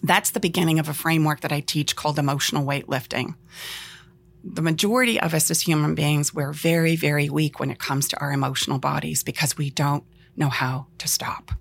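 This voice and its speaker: A woman speaking as a relationship expert guest on a podcast, animated and expressive, often acting out what she would say. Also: low-pitched, a little fast, gravelly, a little hiss or hum. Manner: expressive, acts out quoted lines, laughs easily.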